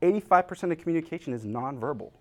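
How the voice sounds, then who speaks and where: A man's voice: a little high, rapid-fire. A male pastor giving a humorous, conversational sermon, acting out little scenes and talking straight to his congregation. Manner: animated storyteller, acting out scenes; talks directly to the congregation.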